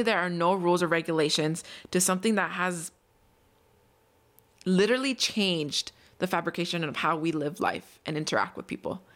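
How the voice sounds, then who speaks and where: A woman's voice: on the low side, a bit bright. A young adult woman hosting a solo podcast, telling a story and explaining in an earnest, upbeat, conversational way. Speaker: podcast host.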